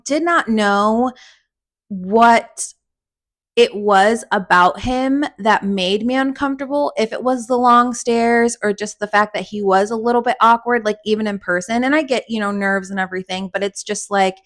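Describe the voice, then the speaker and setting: A young adult woman hosts a podcast, sharing a personal story in a relaxed, animated style while swearing freely. Her pitch sits fairly high and she talks at a normal speed.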